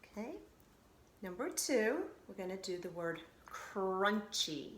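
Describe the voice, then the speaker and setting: A woman's voice: mid-range voice, expressive, slow, fairly bright tone, reverberant, slight background noise. A woman teacher giving a recorded phonics lesson to children, patiently sounding out syllables and reassuring them.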